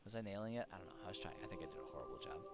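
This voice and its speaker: A male game streamer with a lowish voice that bounces up and down as he chats. He talks in a self-deprecating way and laughs often, with game music running under him. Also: big pitch swings, racing. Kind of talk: casual gaming commentary.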